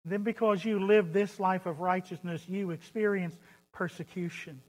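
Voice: medium pitch, fairly even intonation, moderate pace, a little mellow. A preacher delivering a sermon, stressing points by repeating phrases and asking rhetorical questions. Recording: long hall reverb.

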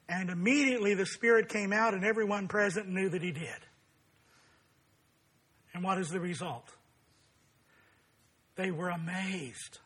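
A male pastor preaches in slow, measured phrases, leaning hard on key words. His voice sits very high for a man, bright and edged with a husky rasp. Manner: deliberate, emphatic preaching. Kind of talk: sermon.

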